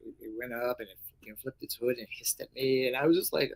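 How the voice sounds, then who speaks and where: A middle-aged man, an actor and karate instructor, telling stories in a casual interview, animated and acting out voices, with many fillers. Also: mid-range voice, brisk, hardly any pauses, low-quality recording.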